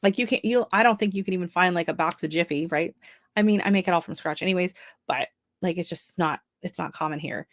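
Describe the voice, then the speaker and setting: A woman's voice: lowish voice, quick pace. A middle-aged woman hosting a home gardening live stream, chatting casually and rambling through asides. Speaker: gardening channel host.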